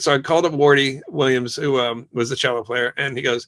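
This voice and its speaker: A man's voice: medium pitch, fairly quick. A middle-aged man, a guest musician in a casual interview, telling stories and acting out the voices of the people in them. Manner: lively storyteller who acts out quoted exchanges.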